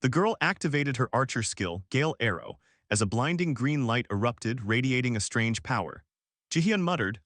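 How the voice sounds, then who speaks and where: A male narrator reading a scripted fantasy recap in a lively storytelling manner. His pitch moves widely, and the sound is dry and close to the mic. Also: normal speed, dry recording.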